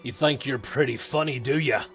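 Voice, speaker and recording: A man voicing a hot-tempered male dwarf adventurer who shouts and threatens when he loses. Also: medium pitch, normal speed, soft background music, close to an everyday voice. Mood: menacing. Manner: loud, threatening, growling outbursts.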